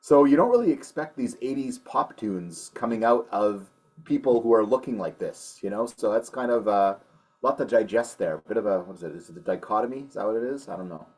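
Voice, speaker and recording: Husky guy rambling about a rock song, lots of restarts and "you know"s, casual review chat. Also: lowish voice, lively intonation, brisk, a little mellow. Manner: chatty, hedging, many restarts. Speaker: co-host of a metal music show.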